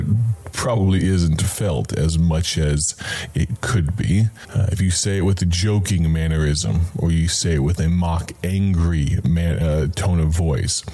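A male radio preacher with a very low, dark voice and a husky edge. He talks to the listener in an earnest, conversational way, like a friendly sermon over a studio microphone.

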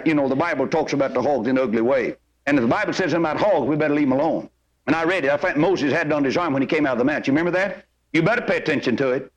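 A man preaching a folksy sermon, acting out the characters in his stories with big jumps in his voice. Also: rough recording. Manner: swings pitch up and down to act out characters in stories.

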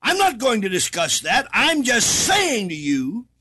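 Bright-voiced, high, lively preacher man. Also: unhurried, husky. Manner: emphatic, half-chanting scripture, rising to shouts. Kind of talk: sermon.

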